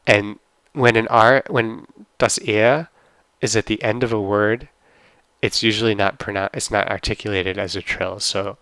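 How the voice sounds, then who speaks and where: A man's voice: lowish voice, steady tone, sharp tone, dry recording. A man giving a casual language lesson, carefully sounding out words one at a time. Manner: slow, careful pronunciation of words. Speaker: German language teacher. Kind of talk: casual screen-recorded lesson.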